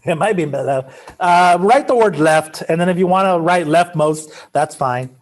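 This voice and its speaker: High-voiced, joking male math teacher. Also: measured pace. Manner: casual, joking, chatty asides. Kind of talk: classroom lecture. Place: classroom.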